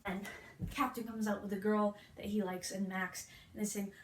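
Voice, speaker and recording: A young woman retelling a musical in a fast, playful, slangy way, acting out the quotes, recorded in a room with faint noise. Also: mid-range voice, flat delivery, reverberant. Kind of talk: hyper comic retelling.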